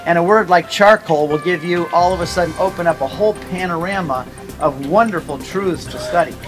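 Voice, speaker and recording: A man giving a casual Bible talk to a tour group, telling stories with quick asides and jokes. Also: sits high, over music, poor audio. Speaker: pilgrimage tour teacher.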